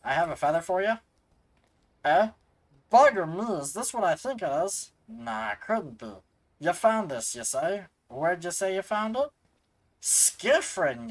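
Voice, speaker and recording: A streamer doing a gruff old dock foreman. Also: mid-range voice, natural voice, low-quality recording. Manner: rough folksy dialect, grumbling. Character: gruff older dockside foreman, grumbling. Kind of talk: reading game dialogue aloud in character.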